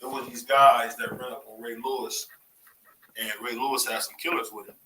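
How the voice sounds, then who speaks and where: Bright-voiced, animated man chatting boxing. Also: medium pitch, fairly quick, echoey room, a little hiss or hum, low-quality recording. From Cleveland, USA. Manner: animated, laughs often, repeats phrases. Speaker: podcast host. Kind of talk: casual boxing chat.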